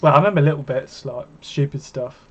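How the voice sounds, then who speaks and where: A man's voice: mid-range voice, a little fast, husky. A man co-hosting a darts watch-along, joking casually and calling scores as they land. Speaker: co-host and darts commentator. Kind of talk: casual chat with live darts calls. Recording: dull lo-fi stream audio.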